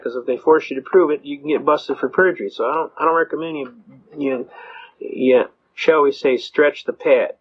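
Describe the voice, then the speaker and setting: In a folksy storytelling lecture on self-representation in court, a middle-aged American man recounts courtroom tales bluntly, with a highish voice. He tends to repeat words when beginning a sentence, and the lo-fi recording sounds dull.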